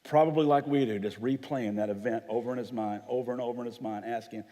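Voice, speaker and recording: A man's voice: medium pitch, steady tone, fast, hardly any pauses, dark tone. Man preaching a dramatic sermon in a hall. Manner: dramatic storytelling, acts out quoted voices. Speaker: pastor. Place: church hall.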